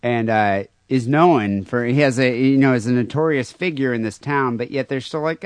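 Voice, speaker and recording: A man's voice: mid-range voice, moderate pace, few pauses, no echo. Rambling male podcast host. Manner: rambling, many fillers, crude humor. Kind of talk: casual podcast chat, reading listener mail.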